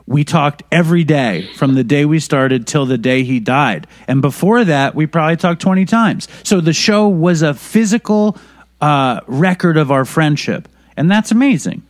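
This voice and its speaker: A man's voice: fairly high pitch, expressive, moderate pace, dry recording, studio quality. A man in casual conversation, telling candid, profane stories about a late friend. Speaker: podcast guest.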